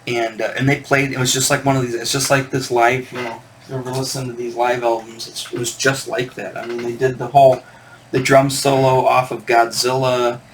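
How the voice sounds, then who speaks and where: A man's voice: mid-range voice, little pitch movement, fairly quick, slight background noise. A man hosting a record collector channel, telling a rambling, digressive story in casual chat to camera.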